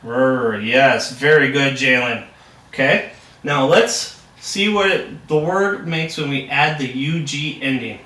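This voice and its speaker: A young man acts as a reading tutor for a practice lesson role-play, using a bright, forceful, mid-range voice at a slow pace. His manner is upbeat and encouraging, with praise coming often. The recording sounds echoey, made with the mic far away.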